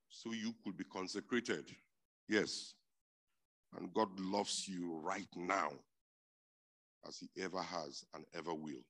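A man with a low, deep voice preaching a sermon. His tone is bright and forceful. He repeats his key points for emphasis and swings between hushed stretches and loud, driving ones.

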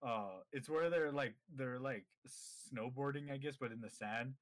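A man's voice: mid-range voice, a little slow, dry recording. A man chatting casually as a podcast co-host, rambling with many fillers and frequent laughter.

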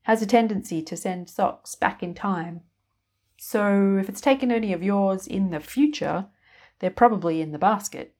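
A woman's voice: medium pitch, moderate pace, darkish tone, lightly acted. A woman voicing a grumpy laundromat owner who is awkward with people, speaking in a dry, matter-of-fact way.

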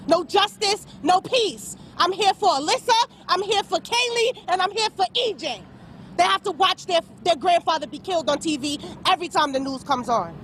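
Woman, very high voice, angry insistent statement, outdoors, faint street noise. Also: fairly bright tone. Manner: angry, insistent, repeats demands. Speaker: protester speaking to press. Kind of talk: impassioned public statement.

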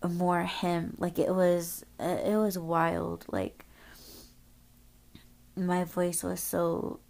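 Woman podcaster, talks slow and rambly, swears a lot, lots of "like". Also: on the low side, flat delivery, gravelly, darkish tone. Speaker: podcast host. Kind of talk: casual storytelling.

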